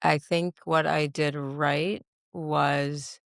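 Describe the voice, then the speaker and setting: A woman's voice: deep voice, level tone, very slow, gravelly, no room sound, studio quality. A middle-aged woman telling a family story in casual chat, rambling with restarts and frequent laughs. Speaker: guest, mother of the host. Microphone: podcast mic.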